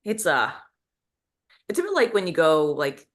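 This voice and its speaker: Low-voiced chatty woman. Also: huge pitch swings, a little slow. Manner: chatty, many restarts and acted-out quotes. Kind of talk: casual chat.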